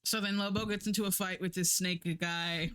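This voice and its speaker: A woman's voice: lowish voice, steady tone, moderate pace, fairly bright tone, clean tone. A young adult woman livestreaming, chatting casually in a rambling, sarcastic way with frequent laughter. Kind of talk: casual stream chat.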